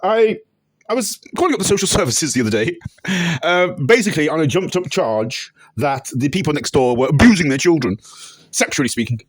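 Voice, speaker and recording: A man's voice: a little high, sing-song, brisk, husky, dry recording. Man rambling through absurd stories. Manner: rambling anecdotes with bursts of shouted catchphrases. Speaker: comedic interviewee. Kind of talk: deadpan absurd comedy monologue.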